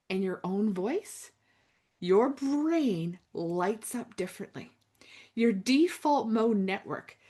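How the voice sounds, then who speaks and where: A woman coaching listeners through spoken affirmations, slow and intimate, with dramatic pauses and drops to a near whisper. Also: fairly high pitch, husky. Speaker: self-help coach. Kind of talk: guided affirmation talk.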